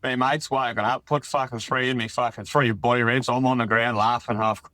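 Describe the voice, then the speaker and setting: A man's voice: medium pitch, fairly even intonation, brisk, sharp tone. A rowdy Australian caller tells a crude anecdote, swearing freely and rattling the story off with a laddish grin. His voice sits in a medium register, recorded dry and close without any echo.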